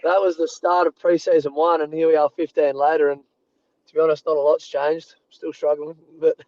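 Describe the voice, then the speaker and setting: A man in his thirties with an Australian accent, a rugby player guest telling animated anecdotes from a parked car over a remote call. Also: a little high, brisk, no echo, muffled recording. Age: 30s. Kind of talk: casual storytelling.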